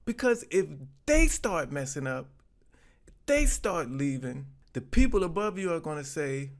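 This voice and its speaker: A man's voice: a little high, very animated, unhurried. A man hosting his channel, reacting to clips in a laid-back, chuckling way and offering advice. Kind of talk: casual commentary.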